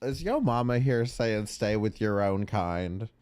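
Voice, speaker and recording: Brief: male co-host, sarcastic, profane quips, lively pitch. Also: measured pace. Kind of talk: casual reaction commentary.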